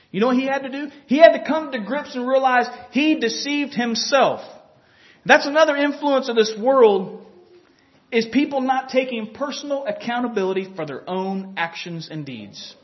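A man preaching a sermon, telling a personal story and acting out the inner voices of the people in it, with the odd chuckle. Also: very high voice. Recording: dull lo-fi recording.

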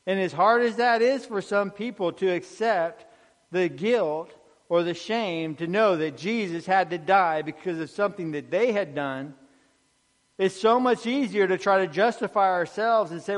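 A man preaching an earnest sermon, dropping soft on key phrases. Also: sits high, a little slow, in a large hall.

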